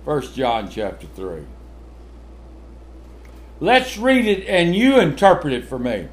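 An older man preaches with a slightly high voice that leaps around in pitch. He fires off rhetorical questions and chuckles between points, taking his time as he drives the sermon forward. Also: takes it slowly, slight background noise. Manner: animated, full of rhetorical questions, chuckling asides.

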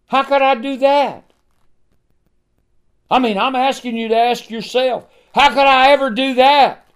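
A man preaching a sermon, swinging from hushed, low passages to ringing emphasis, with rhetorical questions and repeated refrains. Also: fairly even intonation, measured pace, smooth.

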